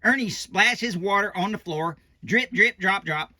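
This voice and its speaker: A man's voice: sits high, a little slow, sharp tone, dry recording, studio quality, heavily acted. A man voicing a folksy old animatronic doll who reads a children's picture book aloud with rambling asides and loose grammar. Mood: chatty.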